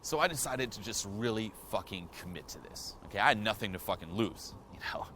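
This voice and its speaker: Deep-voiced man, frank and profane. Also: expressive, fairly quick, bright, forceful tone, a little hiss or hum. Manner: frank and profane, heavy on "you know" fillers; earnest, direct address to viewer. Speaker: self-improvement vlogger. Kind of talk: candid personal storytelling to camera.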